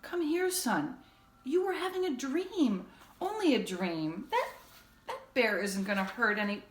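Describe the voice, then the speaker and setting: A woman voicing a worried father woken in the night, who speaks in hushed, halting phrases. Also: on the high side, sing-song, roomy sound, slight background noise, pitched above the performer's own voice. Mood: alarmed.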